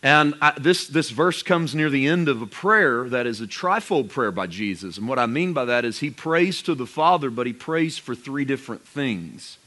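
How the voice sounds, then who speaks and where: A man preaching a sermon with emphatic delivery, slowing and rising on key phrases. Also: medium pitch, expressive, bright, forceful tone. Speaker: pastor.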